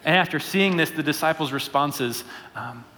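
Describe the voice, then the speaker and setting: A pastor giving a conversational sermon, often checking in with his listeners with a quick "right?". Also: on the high side, sharp tone, long reverb tail, a little hiss or hum.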